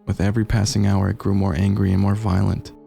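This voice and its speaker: Gravelly low-voiced horror narrator. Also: male voice, little pitch movement, mellow. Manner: measured, grave storytelling. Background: faint gameplay music.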